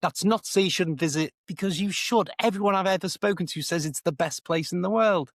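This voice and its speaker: A man's voice: sits high, a little fast, dry recording, clean studio sound. A man with a Liverpool accent, an English teacher and co-host, telling stories in a casual, self-deprecating way. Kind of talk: casual conversation, storytelling.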